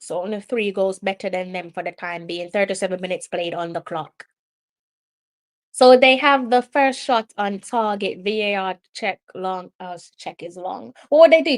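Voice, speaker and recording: A woman with a Jamaican accent hosting a live football watch-along, excitable and argumentative, often repeating her complaints at the officials. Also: medium pitch. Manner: excitable, argues with the referee, repeats herself.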